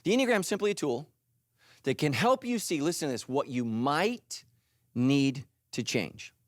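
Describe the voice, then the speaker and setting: A middle-aged male pastor preaching a sermon in an animated, joking way, acting out little voices. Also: on the high side, measured pace, no room sound, studio quality. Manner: animated, jokey, acts out voices.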